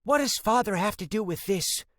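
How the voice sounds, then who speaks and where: A man's voice: high-pitched, expressive, moderate pace, fairly bright tone, dry recording, clean studio sound, voice pushed up. A man voicing a distraught middle-aged mother who pleads with her son. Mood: shocked. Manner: pleading, upset.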